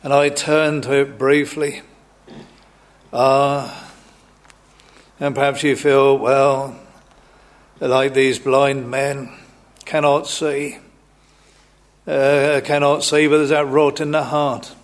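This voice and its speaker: Male preacher, slow and hesitant, monotone sermon delivery in a chapel. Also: mid-range voice. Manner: slow, halting, many ums and restarts, old-fashioned biblical wording.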